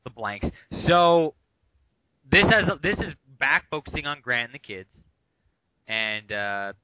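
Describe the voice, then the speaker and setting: A man's voice: medium pitch, big pitch swings, measured pace, clean tone, no room sound, dull audio. A man co-hosting a podcast, chatting casually and playfully about a novel, easily sidetracked. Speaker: podcast co-host. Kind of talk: casual book discussion.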